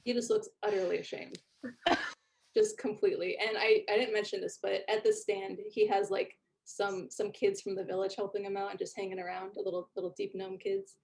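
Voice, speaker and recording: A woman running a tabletop game, describing scenes in a relaxed, chatty way full of little fillers. Her voice sits at a middle pitch for a woman. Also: fairly quick. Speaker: game master.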